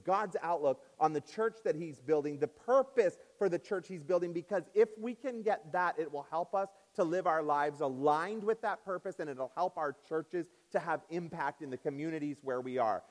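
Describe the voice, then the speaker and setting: A man preaching a sermon as pastor in a church, swinging up and down in pitch and loudness and stretching out key words. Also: in a large hall. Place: church sanctuary.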